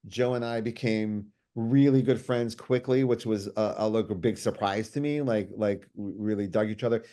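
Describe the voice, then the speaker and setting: A middle-aged man, a comics writer guest, telling stories in casual chat, animated and quick with many restarts and fillers. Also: fairly low pitch. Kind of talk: casual storytelling.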